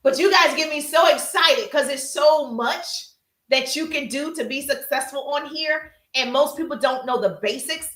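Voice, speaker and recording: A woman teaches social media business strategy on a live stream, speaking energetically and emphatically at a normal speed in a voice that sits high. She calls out to viewers in the chat, and the sound is reverberant.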